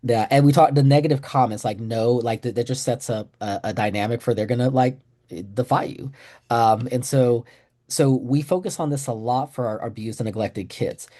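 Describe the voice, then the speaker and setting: A man's voice: medium pitch, normal speed, mellow. A middle-aged man from Texas giving a casual, joking webinar training on a video call, with self-deprecating humor. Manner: joking, self-deprecating, acts out quoted voices. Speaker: trainer presenting to clinicians.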